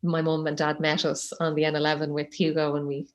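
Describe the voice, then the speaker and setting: This is a woman in her thirties with a voice lower than most. She tells her story in a loose, chatty way, acting out what people said and laughing along the way. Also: completely flat delivery, a little fast. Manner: chatty, laughs often, acts out quotes. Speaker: guest telling her birth story. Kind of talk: casual storytelling.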